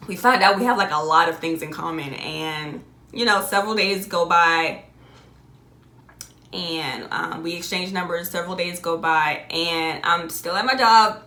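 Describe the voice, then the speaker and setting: Speaking at a normal speed with a roomy sound around her, this young adult vlogger recounts a personal story casually and with animation. She laughs frequently, and her voice leaps high whenever she exclaims.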